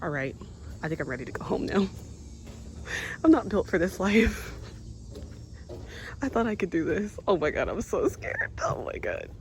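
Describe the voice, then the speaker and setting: A woman's voice: lowish voice, a little mellow, slight background noise. A woman vlogging while walking a nature trail outdoors, talking nervously and directly to her viewers about being scared, filmed on a handheld phone. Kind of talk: casual vlog talk to camera.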